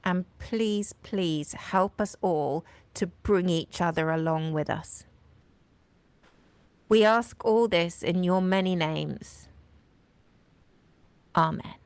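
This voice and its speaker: Slow-talking woman with a dry close sound. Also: lowish voice, a little mellow, clear, resonant tone, no room sound. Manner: swears bluntly and cheerfully, reads verse slowly with swelling emphasis. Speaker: host of a live video café show. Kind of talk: live-stream chat with poetry reading and prayer.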